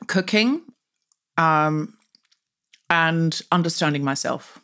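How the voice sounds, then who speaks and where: Lively woman with a faint Australian accent. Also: low-pitched. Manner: animated, fast storytelling with laughs. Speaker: podcast guest. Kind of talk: casual interview chat.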